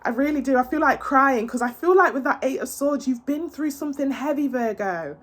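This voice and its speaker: A woman's voice: high-pitched, expressive, a little fast. A woman giving a casual tarot reading to her viewers, earnest and reassuring, with many fillers and repeated words. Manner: emotional, tearful, earnest and reassuring. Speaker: tarot reader.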